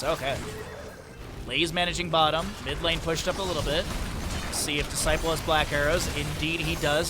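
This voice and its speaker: A man giving solo play-by-play commentary on an esports match from home, rattling off game events and lifting his voice at big plays. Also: fairly high pitch. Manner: fast rundown of game events, bursts of excitement at big plays. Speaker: esports caster. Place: home, with a dog in the room.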